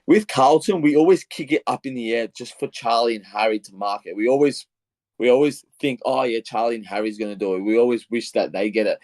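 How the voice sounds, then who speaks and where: Young australian man, podcast co-host, excitable rambling storyteller, dry close sound. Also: medium pitch, a little fast, no echo. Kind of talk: casual footy podcast chat.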